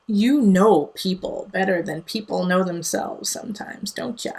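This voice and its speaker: A woman's voice: medium pitch, unhurried, few pauses, darkish tone. A woman giving a casual tarot reading, talking in an earnest, digressive way that mixes encouragement with tough love. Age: adult parent. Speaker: tarot reader.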